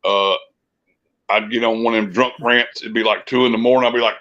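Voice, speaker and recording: A man's voice: medium pitch, steady tone, brisk, a bit bright. Rambling profane man, dull sound. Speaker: podcast co-host, musician. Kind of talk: casual chat.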